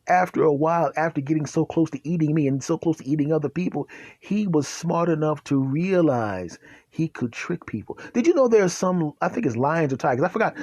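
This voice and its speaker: A man hosting a podcast, telling a comic story in an animated, chuckling way. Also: on the high side, dry recording. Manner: animated, laughing, self-deprecating. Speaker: podcast host. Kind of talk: comedic storytelling.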